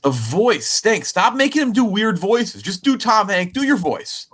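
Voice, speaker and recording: A man's voice: high voice, sing-song, unhurried, a bit bright. A man co-hosting a movie podcast, blunt and incredulous in casual chat. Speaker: podcast co-host.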